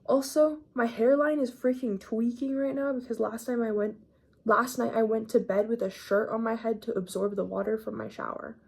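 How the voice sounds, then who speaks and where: A woman's voice: fairly high pitch, fairly even intonation, moderate pace, creaky, darkish tone, breathy edge. An eighteen-year-old woman talking through her day in a casual, slangy, rambling vlog, a little sick with a cough. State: mildly sick, coughing up phlegm. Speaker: vlogger.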